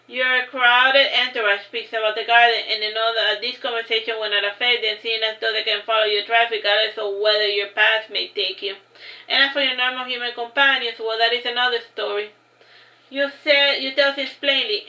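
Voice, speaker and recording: A woman reading a fantasy novel aloud in a steady, plain way, with small slips now and then. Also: fairly high pitch, a little fast. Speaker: narrator. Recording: roomy echo.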